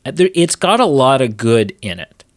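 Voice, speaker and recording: A man co-hosts a podcast, talking through movies in a loose, excited ramble full of restarts. His voice sits at a middle pitch. The sound is dry and close. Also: moderate pace, no room sound. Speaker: podcast co-host. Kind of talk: casual movie chat.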